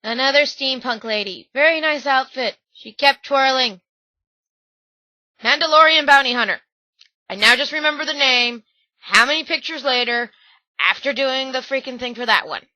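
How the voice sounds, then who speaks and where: Gushing young female vlogger, squeals a lot, voice sore and strained; slightly high, bright delivery on a dull, dry lo-fi recording. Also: normal speed, dry recording. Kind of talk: slideshow commentary.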